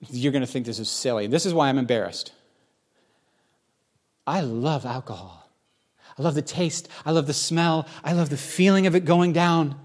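Man telling a candid sermon testimony. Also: fairly high pitch. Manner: conversational and candid, with restarts. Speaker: pastor. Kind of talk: sermon-style personal testimony.

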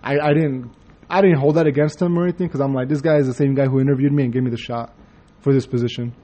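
This is a man co-hosting a casual podcast, laid-back and self-deprecating, with crude language. His voice is mellow and warm, at an ordinary male pitch. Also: fairly even intonation, quick pace. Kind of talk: casual chat.

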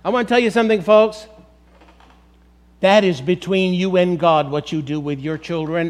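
A man's voice: high voice, normal speed, long pauses. A middle-aged male pastor preaching a sermon, emphatic and direct, often calling the congregation "folks".

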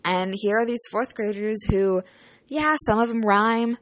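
A woman's voice: medium pitch, a little slow, no echo. A young adult woman, a student teaching partner, telling a casual storytime vlog. She talks in a chatty, emotional way, leaning on "like" and "you know" and swearing casually.

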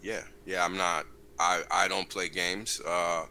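A very low-pitched man with a tense, bright tone speaks as a livestream guest. He is earnest and sincere, and he pads his sentences with "um" and "right?". Faint noise runs underneath his voice. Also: little pitch movement, gravelly, rough recording. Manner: earnest, fills pauses with "um" and "right?". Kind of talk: casual livestream chat.

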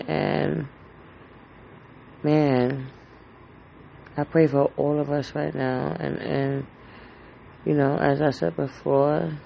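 Slow, heavily gravelly man rambling anxiously. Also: fairly high pitch, dark tone, a little hiss or hum, rough recording. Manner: rambling, anxious and heartfelt, with frequent fillers and swearing. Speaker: podcast host. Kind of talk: casual solo podcast monologue.

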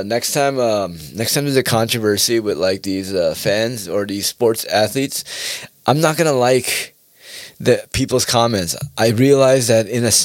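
A man's voice: on the low side, no room sound, clean studio sound. A man ranting casually in a rambling, profane monologue, often laughing at his own points.

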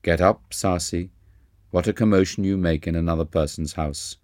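A man reading an audiobook, voicing a stern older guru who speaks gravely and with authority. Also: deep voice, fairly even intonation, a little mellow, dry recording, studio quality, natural voice. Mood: reassuring. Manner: grave, measured.

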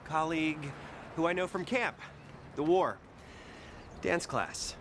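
A man's voice: on the high side, slow pace, background noise. A man in a sitcom scene, talking in a flustered, rambling, defensive way. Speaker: therapy patient in a sitcom. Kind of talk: sitcom acting.

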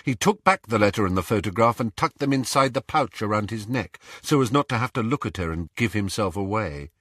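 A man reading a novel aloud as an audiobook, telling it expressively and slowing or speeding up for tension. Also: fairly low pitch, no room sound, studio quality. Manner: expressive storytelling, shifting pace for tension. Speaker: audiobook reader. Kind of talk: audiobook narration.

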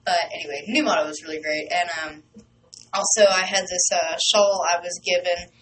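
A woman's voice: fairly low pitch, steady tone, moderate pace. A bubbly young woman hosting a local radio show, rambling and gushing with plenty of "um"s. She sits a bit back from the mic, so her voice sounds distant. A faint background hiss runs under her voice. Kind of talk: casual radio chatter. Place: small radio studio.

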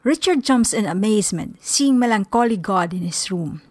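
A woman reading stage directions aloud in a plain, measured way. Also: mid-range voice, expressive, a little mellow, dry recording, studio quality. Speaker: narrator of a play reading.

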